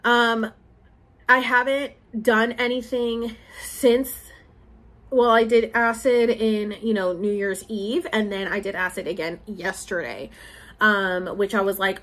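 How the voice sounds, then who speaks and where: A woman's voice: mid-range voice, steady tone, slow pace, fairly bright tone. A young woman in her twenties talking casually and emotionally, rambling with many fillers as she shares a personal spiritual update. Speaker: spiritual vlogger and podcaster.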